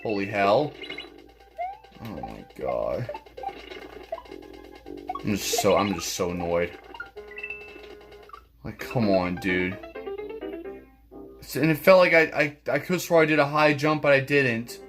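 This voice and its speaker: A man's voice: mid-range voice, steady tone, unhurried, long pauses, music in the background. A man commentating his own gameplay, swearing often and stammering through restarts. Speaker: gaming channel host. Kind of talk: let's play commentary.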